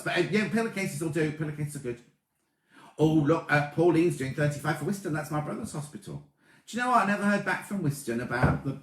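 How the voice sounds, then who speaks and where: A man in his late thirties hosting a casual sewing livestream, chatting excitably and greeting viewers by name as he reads their comments. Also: on the high side. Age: 30s. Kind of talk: casual live-stream chat reading comments. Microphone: tablet or camera mic. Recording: echoey room.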